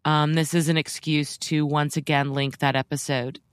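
A woman with a low voice co-hosts a podcast in casual chat. She teases her partner and pokes fun at herself with a wry, dry humor, heard close up in a dead, dry room. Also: level tone, moderate pace, clean tone, no echo. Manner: wry, teasing, self-deprecating. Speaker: podcast co-host.

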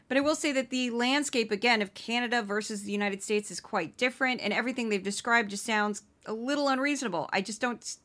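A woman's voice: a little high, fairly bright tone. A woman hosting a podcast, giving casual sarcastic commentary between news clips. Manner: sarcastic, quick asides. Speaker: podcast host.

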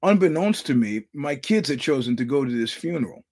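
A man's voice: medium pitch, lively intonation, brisk, darkish tone. A middle-aged man hosting a podcast, telling stories in a loose, profane monologue with lots of restarts. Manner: rambling storyteller, profane, many restarts. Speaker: podcast host. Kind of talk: casual monologue.

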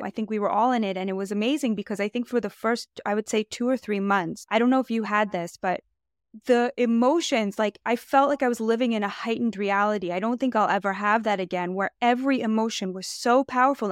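An American woman in an unscripted podcast conversation, speaking emphatically and circling back to rephrase her thoughts. Her voice sits a little high and comes across smooth and clear, with a dry, close sound. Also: no room sound. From United States. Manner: emphatic, searching, restarts sentences mid-thought.

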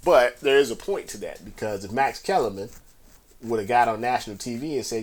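A man holding forth on his podcast in loose, rambling talk. His pitch sits in the middle for a man. He circles back over his points and lifts his voice when he wants one to land. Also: brisk. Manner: conversational, talks in circles, rising emphasis on key points. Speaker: podcast host. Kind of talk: casual solo commentary.

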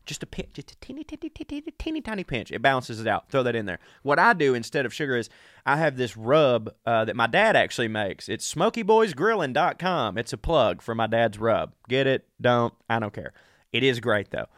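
A man's voice: mid-range voice, animated, moderate pace, fairly bright tone, no room sound. Profane man, dry close sound. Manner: profane, chatty, talks straight to listeners. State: sick. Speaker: podcast host. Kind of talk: casual monologue.

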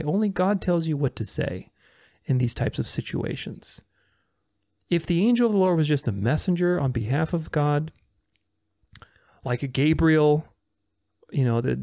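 A man's voice: fairly high pitch, creaky, a little mellow, no room sound, clean studio sound. A man teaching from the Bible, reading verses aloud and stressing his points with repeated words. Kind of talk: scripture teaching.

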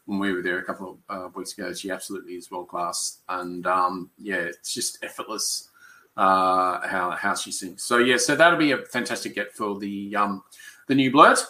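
A man's voice: low voice, fairly even intonation, moderate pace, sharp tone, rough recording. A man co-hosting a podcast in casual chat, upbeat and asking curious questions. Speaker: podcast co-host.

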